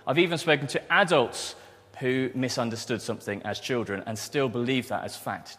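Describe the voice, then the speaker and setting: A man's voice: mid-range voice, a bit bright. A man delivering a sermon in a church. He speaks earnestly and stumbles over words now and then. His voice rings with a long hall reverb. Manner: earnest, with restarts and fillers. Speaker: preacher.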